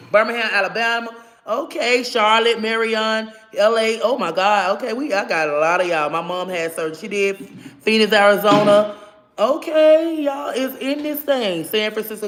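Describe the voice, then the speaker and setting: A man with a high-pitched, bright, forceful voice hosts a casual livestream on a phone. He rattles off viewers' hometowns in casual shout-outs, tossing in loose, friendly asides and endearments like "baby".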